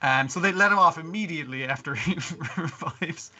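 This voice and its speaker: A man with a very bright, sharp voice recaps an anime episode on a podcast. He swears freely and slips into the characters' lines. His voice sits a little high for a man, and he tells the story in loose, casual chat. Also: brisk, muffled recording. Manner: swearing, laughing storyteller who quotes characters. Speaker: podcast co-host.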